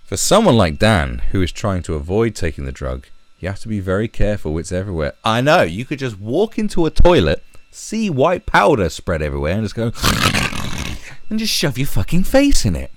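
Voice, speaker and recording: A man's voice: lowish voice, very animated, moderate pace, slight background noise. A man ranting angrily in commentary, swearing and mocking. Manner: angry, sweary rant with mocking put-on voices.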